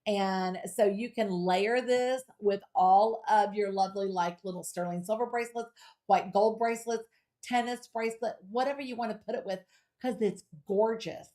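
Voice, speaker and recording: A middle-aged home shopping host runs a live jewelry sale at normal speed, chatty and playful. She speaks directly to viewers, reads their comments aloud and keeps her pitch lively and personal.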